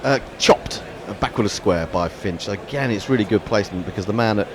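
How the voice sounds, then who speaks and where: A man's voice: lowish voice, fairly quick, background noise. A man commenting ball by ball on a cricket match, with wry, chatty banter between deliveries.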